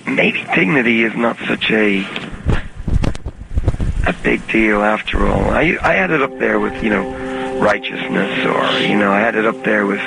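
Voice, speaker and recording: A man giving a reflective, halting interview over the phone, with many restarts and a soft-spoken manner. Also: lowish voice, expressive, creaky, poor audio. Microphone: phone call recording. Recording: archival phone tape with music underneath.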